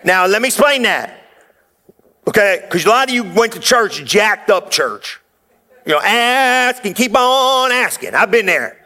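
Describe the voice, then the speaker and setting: High, bright-voiced joking preacher man. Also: unhurried. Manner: energetic, joking preacher who shouts out punchlines; folksy, conversational delivery. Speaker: pastor. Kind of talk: sermon.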